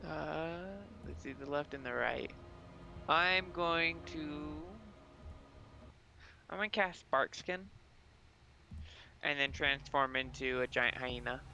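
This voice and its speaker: A man's voice: a little high, slow pace, gravelly, long pauses, sharp tone, a little hiss or hum. A man playing a tabletop game, easygoing and thinking aloud as he counts out his moves. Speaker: player.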